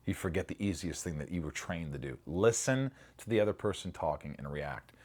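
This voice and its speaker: Middle-aged actor guy reminiscing in an interview, kinda low voice, animated, swears a lot. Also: fairly quick. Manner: animated storyteller, swears freely, acts out lines.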